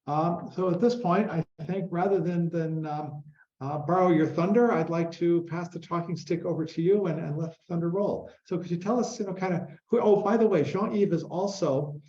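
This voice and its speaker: A man's voice: a little high, dark tone. A man hosting an online conference conversation, chatty and loose with many fillers, over a video call. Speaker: host. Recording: roomy, dull sound.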